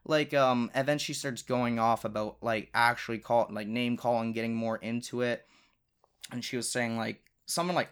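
A young man hosts his own podcast, spinning a long personal story in a loose, rambling way. He swears freely and leans on filler words, and his voice sits at an ordinary middle pitch for a man. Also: steady tone, normal speed, a bit bright, smooth. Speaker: podcast host.

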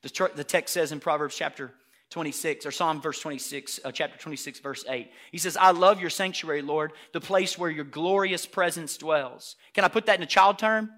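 A man preaching a sermon emphatically and loudly, repeating words for emphasis. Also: a little high, fairly quick. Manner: emphatic, loud, repetitive preaching.

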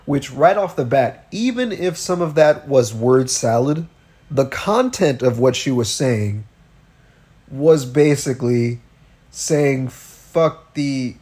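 A man's voice: medium pitch, a little mellow. Guy on a podcast going off on politics, swears a lot, keeps asking "right?". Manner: riled-up, profane ranting with rhetorical questions. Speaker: podcast co-host. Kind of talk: casual political podcast chat.

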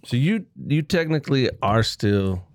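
A man co-hosting a podcast, asking casual, teasing questions in a relaxed chat. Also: medium pitch, a little slow, no echo. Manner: asks teasing questions, laughs often.

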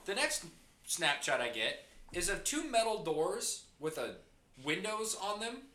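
A man hosting a casual podcast chat, telling stories in an animated way and swearing freely. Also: sits high, a little slow, a little hiss or hum. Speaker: podcast host. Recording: roomy echoey room.

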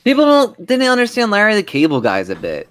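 A man's voice: high voice, wildly swooping pitch, quick pace, a bit bright. A man co-hosting a podcast in casual chat, giving blunt, opinionated takes. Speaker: podcast co-host.

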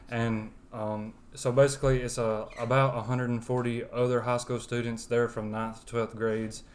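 A man's voice: mid-range voice, darkish tone. A young man from West Alabama with a thick Southern accent, earnestly sharing his personal testimony as a podcast guest. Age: young adult. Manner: earnest, rambling with fillers.

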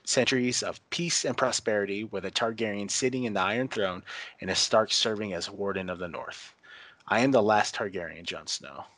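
A commanding young queen speaks in formal, measured lines, read by a man. The voice sits fairly low and dry, with no roominess around it. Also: a bit bright, no echo. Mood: regal.

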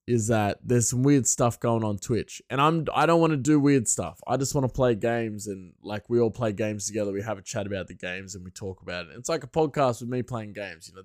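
A man's voice: lowish voice, no room sound, clean studio sound. A young man chatting casually on his podcast, rambling and laughing often. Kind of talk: casual solo chat.

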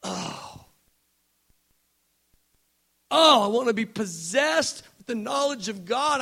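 A man preaching a sermon with passion, moving between hushed, near-whispered lines and loud shouting. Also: extremely high pitch, animated, takes it slowly, pauses often.

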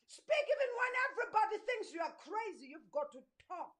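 A woman preaching an impassioned sermon, urging her listeners with repeated calls and rising shouts, her voice going hoarse. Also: extremely high pitch, sing-song, a little fast.

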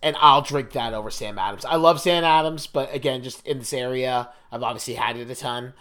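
A young man from New Jersey co-hosts a podcast, speaking in a mid-range, slightly bright voice at a somewhat fast clip. He chats casually and rambles, full of fillers and restarts.

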